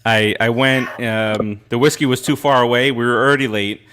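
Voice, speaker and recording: An easygoing man at mid pitch, hosting a relaxed talk show. He chats and teases his co-host, often tripping over his first words before settling into the sentence. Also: normal speed. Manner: laid-back, teasing banter with stammered restarts. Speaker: podcast host. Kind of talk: casual chat.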